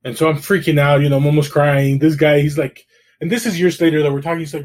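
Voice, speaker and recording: A man's voice: mid-range voice, steady tone, fast talker, darkish tone, breathy edge. A middle-aged man from El Salvador, a guest telling his life story in a candid, rambling way with many restarts. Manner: candid, storytelling, frequent "you know" and restarts. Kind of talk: casual conversation.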